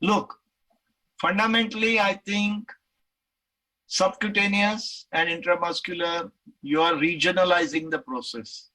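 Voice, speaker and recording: A middle-aged man from India with an Indian English accent, giving a lecture and answering questions, animated and acting out the voices he quotes. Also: high voice, measured pace, poor audio.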